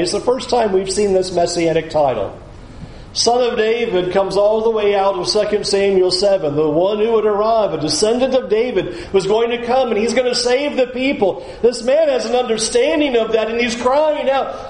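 A man's voice: high voice, normal speed, a little mellow, reverberant, slight background noise, rough recording. A male pastor preaching a sermon with emphasis, urging listeners to picture the scene.

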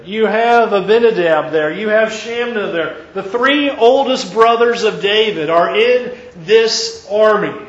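A man preaching, retelling a story with lively, acted-out dialogue. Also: sits high, echoey room, lo-fi sound. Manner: animated retelling, acting out quoted characters. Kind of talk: sermon storytelling.

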